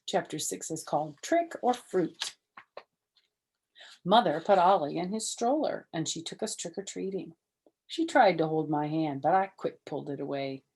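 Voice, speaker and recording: Older woman reading a kids' book, husky. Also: low-pitched, moderate pace. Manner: animated, soft and hushed in quiet parts. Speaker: storyteller reading a children's book. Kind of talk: expressive children's book read-aloud.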